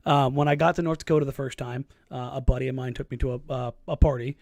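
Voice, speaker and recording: A man's voice: mid-range voice, steady tone, creaky, a little mellow, no room sound. A man co-hosting a casual sports podcast, telling rambling stories and laughing easily. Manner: rambling storyteller, quick to laugh. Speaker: podcast co-host.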